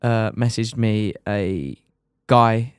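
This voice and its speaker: A young man telling a lively, colloquial story as a podcast guest. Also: on the low side, very slow, clean tone, dry recording, studio quality. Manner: animated, colloquial, quotes others in his story. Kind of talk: casual storytelling chat.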